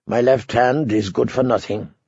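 A man voicing a proud, bitter, maimed male knight who talks in a sardonic, mocking way with a gravelly voice. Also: medium pitch, fairly even intonation, moderate pace, a little mellow, no room sound. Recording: dull dry lo-fi recording.

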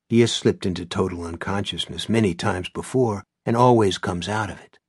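A man narrating an audiobook in a measured, low-key way. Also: darkish tone, husky, no room sound, studio quality. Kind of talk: scripted narration.

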